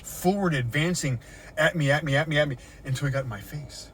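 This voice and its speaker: Recording on his phone inside a car parked in a lot, a rattled middle-aged vlogger gives an agitated first-person account of an encounter, swearing and repeating himself. He speaks fairly quickly in a fairly high, fairly bright voice, and a little hiss or hum can be heard.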